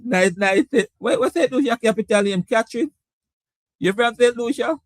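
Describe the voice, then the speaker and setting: A man's voice: very high voice, normal speed, no echo. A man hosting a casual live sports talk stream. He laughs often and reads out viewer comments. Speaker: sports talk show host.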